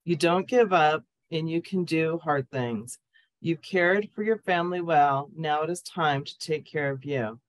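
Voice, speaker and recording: Slow, deliberate affirmation reading. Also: mid-range voice. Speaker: cast member.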